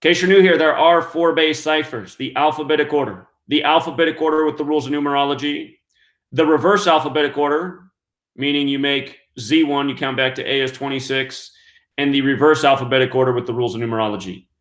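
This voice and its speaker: A man hosts an online show with an emphatic monologue of commentary, counting out numbers and posing rhetorical questions. His voice sits on the high side and is fairly bright, with a steady tone and quick pace, recorded with roomy echo.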